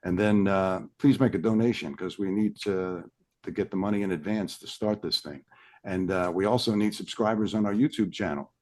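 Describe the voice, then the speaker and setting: Low-voiced, rambling male podcast host. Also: normal speed, darkish tone. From South Louisiana. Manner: rambling, digressive storyteller. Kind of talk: casual podcast chat.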